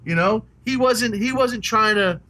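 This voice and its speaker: Middle-aged new guy rambling excitedly about rock bands, swears a lot, kinda high voice. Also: a little slow. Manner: enthusiastic, rambling, swears casually. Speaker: podcast co-host. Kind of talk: casual chat about rock music.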